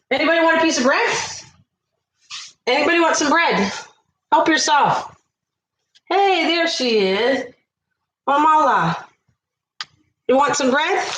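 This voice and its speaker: A woman hosting a casual cooking livestream, chatting away and warmly thanking viewers by name from her kitchen. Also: high-pitched. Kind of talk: casual live-stream chat. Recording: echoey room.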